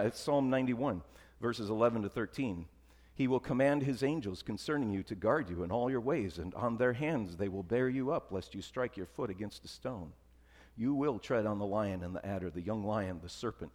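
Man preaching in a reverberant church. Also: moderate pace. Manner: conversational preaching, dropping to soft emphatic lows. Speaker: pastor. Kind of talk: sermon.

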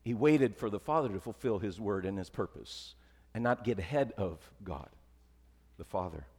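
A male pastor preaches a sermon in a reverberant church, keeping it conversational and dropping to soft, emphatic lows. His voice has lively intonation and a breathy edge, at a normal speed.

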